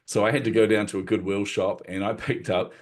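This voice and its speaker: A middle-aged man with a deep, low-pitched voice tells a story from his past as a podcast guest. He acts out what people said with lively shifts and often laughs at himself. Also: fairly quick. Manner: animated, acts out quotes, self-deprecating laughs. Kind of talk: storytelling in conversation.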